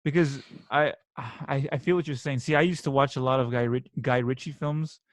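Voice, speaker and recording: A man's voice: mid-range voice, fairly even intonation, moderate pace, no room sound. A man hosting a casual interview, chatty and enthusiastic, often laughing. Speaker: podcast host.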